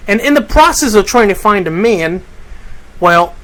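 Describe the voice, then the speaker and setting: A laid-back male radio host chats casually with his listeners, using plenty of slang. His voice sits high for a man. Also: expressive, moderate pace, fairly bright tone, rough recording.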